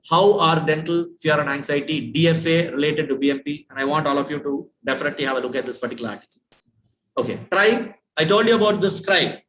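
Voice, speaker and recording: An Indian man teaches a dental class, his voice pitched a little high. He keeps quizzing the students and circling back over key terms. The room echoes, with a faint hiss behind him. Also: a bit bright. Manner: questioning, repeats points, asks students. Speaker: dental lecturer. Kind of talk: classroom lecture.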